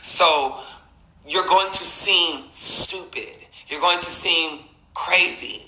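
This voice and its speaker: Man, casual live-stream monologue, earnest, deliberate repetition, slow delivery, roomy echo on a phone mic. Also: fairly high pitch, pushed and bright. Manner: earnest, halting, repeats points deliberately.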